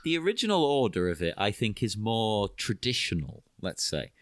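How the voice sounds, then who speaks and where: A man co-hosting a podcast, talking enthusiastically about a film. His pitch swings widely as he speaks. The sound is dry and close, with no room around it. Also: sing-song, normal speed, dry recording. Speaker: podcast co-host. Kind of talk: casual film commentary chat.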